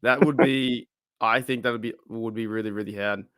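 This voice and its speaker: A man's voice: medium pitch, fairly even intonation, normal speed, a bit bright, clear, resonant tone, no echo, clean studio sound. An Australian man hosting a casual livestream talk show, rambling with restarts and reading viewer comments aloud. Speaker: podcast host. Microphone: livestream microphone.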